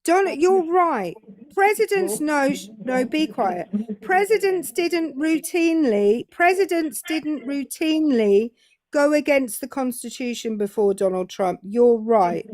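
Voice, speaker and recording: A British woman co-hosting a call-in show, making pointed, measured arguments to a caller. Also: high voice, lively intonation, darkish tone, dry recording. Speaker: co-host. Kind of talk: debating a caller.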